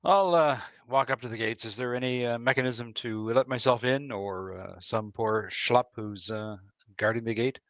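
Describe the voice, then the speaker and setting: A man's voice: mid-range voice, moderate pace, fairly bright tone, no room sound. A man playing a tabletop game, speaking in character with wry, playful politeness. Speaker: player. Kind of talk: in-character tabletop role-play.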